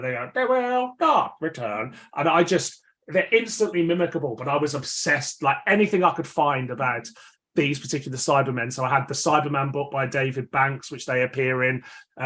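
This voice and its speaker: A man's voice: medium pitch, fairly bright tone. A man co-hosting a podcast in casual fan chat, rambling with restarts and wry asides. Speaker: podcast co-host.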